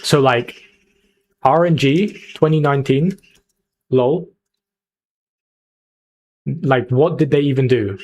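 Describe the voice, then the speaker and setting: A man's voice: mid-range voice, takes it slowly, long pauses, darkish tone. A young man streaming live, chatting casually and hyping up his viewers as he picks a team. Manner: chatty, hyped, talks to chat. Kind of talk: casual livestream chat.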